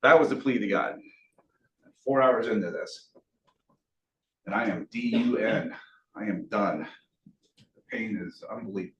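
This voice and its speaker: A man's voice: on the low side, a little slow, long pauses, lo-fi sound. A man speaking to a meeting audience, telling a survival story earnestly, with bursts of self-deprecating humor. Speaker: guest speaker. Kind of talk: motivational storytelling talk. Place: meeting room. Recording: echoey room, distant mic, faint hiss.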